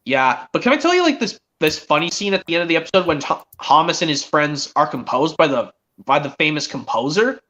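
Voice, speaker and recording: A man's voice: fairly high pitch, big pitch swings, fairly quick, hardly any pauses, pushed and bright. A teenage boy streaming, chatting eagerly in a rambling way with many restarts. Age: teens. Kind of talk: casual chat.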